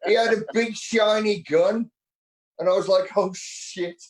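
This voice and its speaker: A man's voice: high voice, steady tone. A man with a British accent, a guest musician chiming in with jokes and short stories in casual chat. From Britain. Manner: joking, chiming in with quick asides. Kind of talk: casual chat on a live stream.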